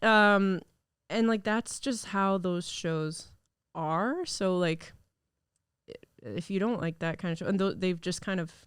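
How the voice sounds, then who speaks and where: Chatty woman with a smooth, dry voice. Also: lowish voice, no room sound. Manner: chatty, rambling, lots of fillers. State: recovering from illness. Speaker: podcast host. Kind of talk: casual solo podcast chat. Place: recording studio.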